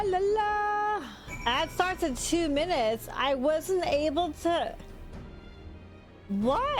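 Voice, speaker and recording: A woman streaming a video game live, chatting casually and rambling to herself as she plays. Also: high voice. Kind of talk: casual live-stream chat while gaming. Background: game music.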